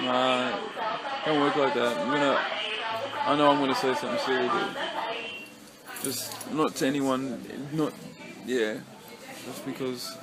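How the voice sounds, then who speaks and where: A man's voice: medium pitch, fairly even intonation, unhurried, pauses often, over a noisy crowd, heavy background noise. A young Australian man from Western Australia vlogging in a loose, rambling way, cursing a lot and restarting his sentences. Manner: rambling, heavy swearing, many restarts and fillers. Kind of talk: casual rambling vlog chat.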